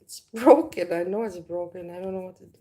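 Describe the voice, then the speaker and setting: A woman hosts a casual livestream from her kitchen, talking to viewers in a frank, rambling way. Her voice sits a little low, and the sound is picked up by a phone. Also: fairly quick, warm tone. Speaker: livestream host. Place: home kitchen.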